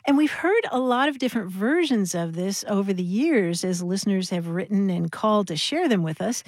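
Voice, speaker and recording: A woman's voice: medium pitch, lively intonation, normal speed, darkish tone, dry recording, clean studio sound. An older woman co-hosting a radio talk show about language, folksy and playful as she explains word histories. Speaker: co-host.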